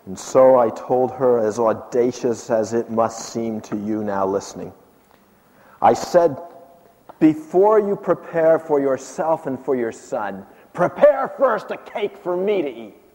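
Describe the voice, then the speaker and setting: A man as an aged prophet, slow and deliberate, hushed to fervent, recorded in a reverberant hall. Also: mid-range voice, expressive, voice pushed down, natural voice. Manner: swings from hushed to impassioned. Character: aged male prophet recounting his miracles. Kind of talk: first-person dramatic monologue.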